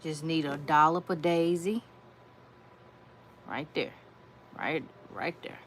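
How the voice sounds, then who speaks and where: A woman's voice: low voice, steady tone, normal speed. A woman giving a casual nail art tutorial, chatty, repeating her phrases and talking to viewers as y'all. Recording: faint background noise.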